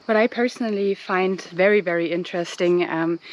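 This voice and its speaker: A woman's voice: lowish voice, brisk, lo-fi sound. Breathless woman vlogging outdoors. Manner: chatty, rambling with many fillers. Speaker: travel vlogger. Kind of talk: casual walking vlog chat. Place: outdoors at hillside ruins in hot sun.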